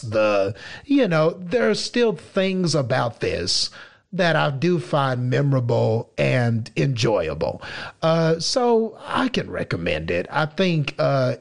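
A man co-hosting a film review podcast, talking casually and haltingly with many restarts. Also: a little high, vocal fry.

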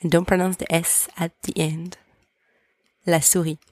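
In a repeat-after-me language lesson, a female podcast host who teaches French pronounces vocabulary words with slow, careful enunciation. Her lowish voice is level in tone and slightly mellow, with no echo.

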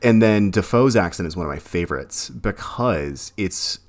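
A man's voice: deep voice, expressive, normal speed. A man co-hosting a podcast, talking casually about a film, with many fillers and restarts. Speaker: podcast co-host.

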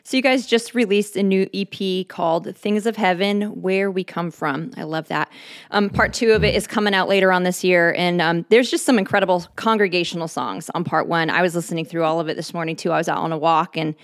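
A woman hosting an interview, upbeat and full of praise as she asks questions. Her voice sits low for a woman, and it is recorded dry and close with no room sound. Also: steady tone, brisk, no echo. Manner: upbeat, enthusiastic. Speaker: interview host. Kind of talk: casual interview.

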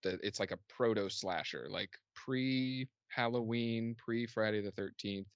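A man's voice: fairly low pitch, measured pace, clear, resonant tone, no room sound. A young man chatting casually as a podcast guest, rambling with lots of filler words. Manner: rambling, filler-heavy, laid-back. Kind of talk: casual chat.

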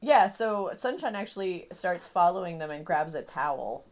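A woman at a tabletop game describes her character's moves in the third person. She speaks in a lower, relaxed voice. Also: normal speed. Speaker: player. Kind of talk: casual tabletop game play.

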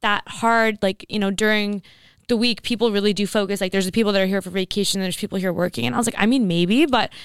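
A woman's voice: medium pitch, fairly even intonation, quick pace, clean tone, dry recording, clean studio sound. A young woman co-hosting a podcast, talking casually and leaning on "like" a lot. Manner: chatty, heavy use of "like". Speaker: podcast co-host. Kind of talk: casual chat.

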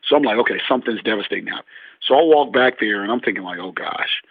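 A man's voice: lowish voice, racing, no echo. Man telling coaching stories over a phone line. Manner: animated storyteller, acts out dialogue. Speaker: basketball coach. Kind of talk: interview storytelling. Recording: husky, tinny phone-like line.

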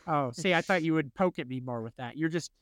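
A male podcast co-host chats casually, animated and laughing often. His voice sits high, and the recording is dry and close. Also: brisk, no echo. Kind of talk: casual chat.

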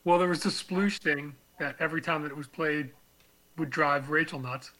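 A man's voice: on the high side, steady tone, moderate pace, sharp tone, poor audio. A man co-hosting a casual podcast chat, laid-back and reminiscing. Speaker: podcast co-host.

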